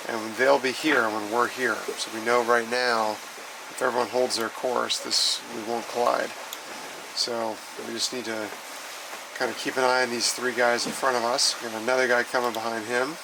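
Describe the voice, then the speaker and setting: Man, sailing vlog host, casual relaxed talk, steady middle voice, loud wind and water noise. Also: mid-range voice, normal speed, vocal fry. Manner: relaxed, explains things plainly. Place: outdoors on a sailboat at sea.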